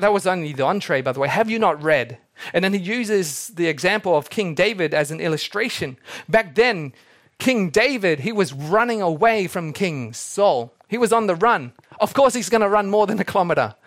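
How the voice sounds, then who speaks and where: A young man delivers a sermon in a voice pitched a little high for a man. He tells the story in an animated way and briefly acts out each of the people he quotes. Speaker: pastor.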